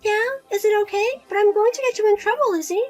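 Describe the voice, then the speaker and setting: A woman's voice: very high-pitched, fairly even intonation, fast talker, soft background music. A woman voicing a whiny, nagging older mother. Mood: self-pitying. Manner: nagging, whiny, guilt-tripping. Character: spendthrift widowed mother, pushy and self-pitying. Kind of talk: narrated drama story.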